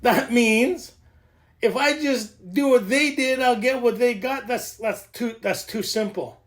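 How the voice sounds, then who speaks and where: A man leading a recovery workshop, joking, excitable and laughing often as he explains the reading. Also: extremely high pitch, measured pace. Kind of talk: animated teaching talk.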